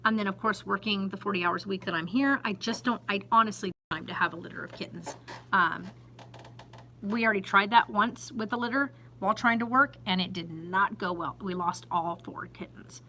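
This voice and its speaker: A woman's voice: medium pitch, a little fast, pushed and bright, a little hiss or hum, low-quality recording. A woman vlogging to a handheld phone in her small store, chatty and exasperated, often laughing and emphatic. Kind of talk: casual chat to camera.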